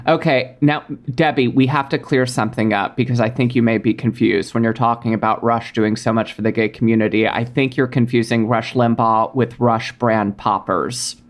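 A woman hosting a comedy podcast with a campy, deadpan delivery. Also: rumbling low, normal speed, few pauses. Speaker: podcast host.

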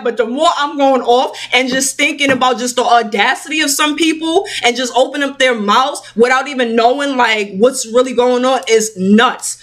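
A woman with a slightly high voice launches into a heated, profanity-laced rant to her camera at home. She talks in a loose, filler-heavy way. She sounds hot and sweaty from getting so worked up. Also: a little fast, few pauses. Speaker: mother ranting on a vlog.

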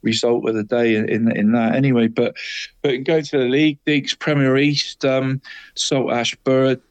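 A man's voice: mid-range voice, steady tone, normal speed, clear, resonant tone, no echo, muffled recording. A man co-hosting a local football show, chatting casually and calling his co-host "mate" and by nickname in nearly every line. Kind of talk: casual sports chat.

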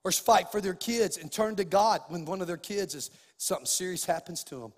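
High-voiced pastor preaching in a reverberant hall. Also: male voice, fairly quick. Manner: preaching with acted-out dialogue and rising emphasis. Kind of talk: sermon.

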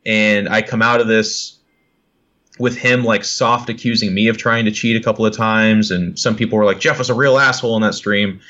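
A man's voice: fairly low pitch, steady tone, moderate pace, sharp tone, highs cut off. A man talking as a podcast guest, blunt and profane, acting out what other people say. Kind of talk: casual podcast chat.

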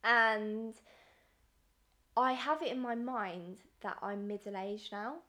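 A woman in her twenties from southern England chats on her own podcast at an unhurried, drawn-out pace. She talks loosely, trails off mid-thought and laughs often. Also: a little high, pushed and bright. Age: 20s. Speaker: podcast co-host. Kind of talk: casual chat.

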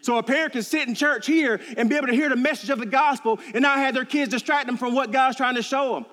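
A man's voice: extremely high pitch, quick pace, sharp tone, long reverb tail. A man preaching a sermon in a church, earnest and storytelling, repeating key phrases for emphasis. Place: church sanctuary.

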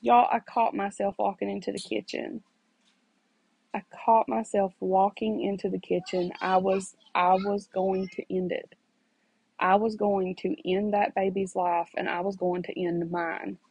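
A woman's voice: medium pitch, level tone, unhurried, gravelly, a little mellow, slightly rough, no room sound, poor audio. A mother earnestly telling her own story and preaching faith to listeners, repeating phrases for emphasis. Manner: preachy, addresses listeners directly. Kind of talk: personal testimony, faith encouragement.

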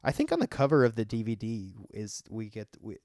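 A man's voice: lowish voice, wildly swooping pitch, fairly quick, a little mellow, no echo, clean studio sound. A man with a Southern US accent co-hosting a podcast in casual chat, rambling with fillers and laughs. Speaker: podcast co-host.

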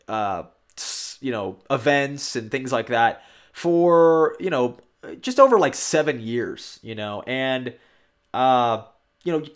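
A man's voice: mid-range voice, a bit bright. A man giving an opinionated commentary monologue, rambling and emphatic, often ending points with a tag question.

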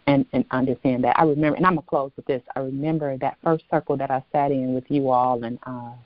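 A woman's voice: rumbling low, fairly even intonation, fast talker, dry recording. A woman guest in a casual conversation, reflective and devout, telling a story in a colloquial way with hesitant fillers. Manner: reflective storytelling with religious phrases. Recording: dull lo-fi dry audio.

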